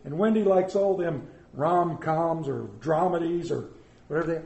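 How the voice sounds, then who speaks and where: High-voiced pastor in echoey church. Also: male voice, moderate pace, creaky, a little mellow. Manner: folksy, joking storyteller. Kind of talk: sermon. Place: church sanctuary. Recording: roomy church echo.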